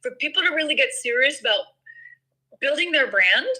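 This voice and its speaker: A woman chatting casually in a live audio room, talkative and excitable. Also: high-pitched, normal speed, poor audio. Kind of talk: casual chat.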